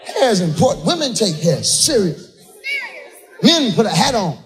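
A man doing stand-up in a loud, exclaiming way. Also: high-pitched, big pitch swings, normal speed. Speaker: stand-up comedian. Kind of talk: stand-up routine. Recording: live room with crowd noise.

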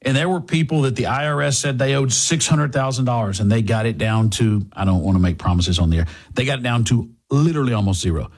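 Talk radio host, male, husky, fired-up, mocking rhetorical questions. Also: mid-range voice, quick pace, few pauses. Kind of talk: political talk radio monologue.

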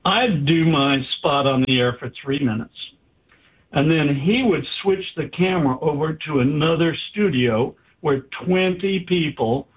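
A man's voice: medium pitch, husky. A man, a doctor being interviewed, telling a story with animation and acting out the dialogue. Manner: animated, acts out quoted dialogue. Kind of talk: anecdotal storytelling. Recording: tinny phone-like line.

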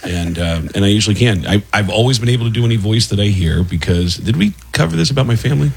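A man, a comedian known for voices, chatting as a guest and telling animated stories about his work. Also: on the low side, quick pace, gravelly, breathy edge. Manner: animated storyteller who slips into impressions. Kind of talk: casual radio interview chat.

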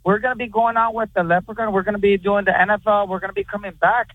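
A man's voice: high voice, flat delivery, fast, no echo. A man from San Diego calling in to a radio show, talking in a brash, hyped-up way. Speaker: caller. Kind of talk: radio call-in chat. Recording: tinny phone line.

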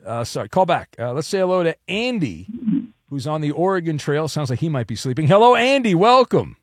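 A man's voice: a little high, very animated, a little fast, dry recording, clean studio sound. A man hosting a sports radio call-in show, teasing callers in a joking way.

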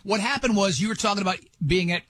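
A male radio host with a high-pitched, slightly bright voice talks fast in casual chat, rambling and teasing and often tripping over his own sentences. There's no echo on the recording.

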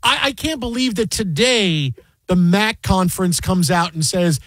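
Animated high-voiced male sports radio host. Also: a little slow, no room sound. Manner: loud, joking, slips into mock voices of others.

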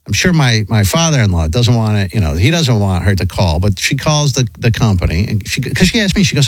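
A man's voice: lowish voice, big pitch swings, a little fast, slightly rough, no echo. A middle-aged man casually telling a long, rambling story, with lots of restarts and acted quotes.

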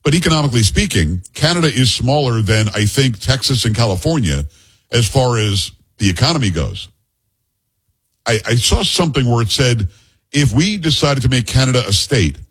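A middle-aged man hosts a talk podcast with a husky, slightly breathy voice set at an ordinary middle pitch. He talks casually, wanders into joking tangents and ribs his co-host between news items. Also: big pitch swings, fairly quick. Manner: rambling, joking asides, teasing his co-host. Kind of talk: casual talk-show chat.

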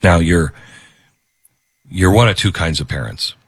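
A man's voice: sits low, measured pace, breathy edge, no room sound. A man hosting a commentary show, giving impassioned, preachy opinions.

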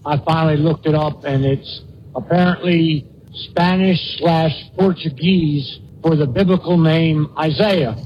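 Male radio caller, fairly high voice, dull lo-fi phone line, clear background noise. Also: a little slow. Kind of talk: phone call to a talk show.

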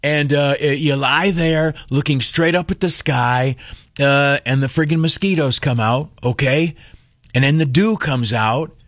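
A man's voice: fairly high pitch, a little slow, no echo, studio quality. A man hosting a talk radio show, telling a rambling, sarcastic, self-mocking story full of fillers and restarts. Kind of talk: rambling comic monologue. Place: radio studio. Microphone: studio mic.

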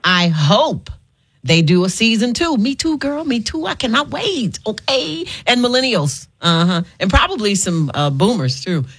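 Woman, radio host, casual call-in chat, playful, bossy, lively swooping pitch. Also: moderate pace, slightly rough. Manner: playful, bossy, laughs often. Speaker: radio talk show host.

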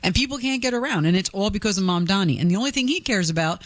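A woman's voice: medium pitch, lively intonation, racing, dry recording. A woman co-hosting a political talk show, giving frank, indignant commentary. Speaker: co-host.

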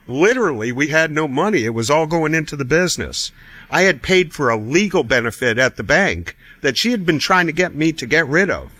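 A man's voice: fairly high pitch, dry recording. A middle-aged man telling a personal story in a casual way, acting out the voices of others and chuckling often. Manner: animated, acts out quoted voices, chuckles often. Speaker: guest telling his story.

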